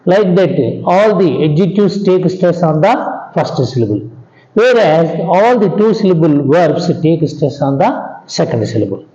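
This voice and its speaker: A man with an Indian English accent teaching an English grammar lesson, slow and repetitive, often asking "understand?" and letting his pitch drop at the ends of sentences. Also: expressive, dark tone. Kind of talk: classroom lecture. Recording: echoey room, dull lo-fi sound.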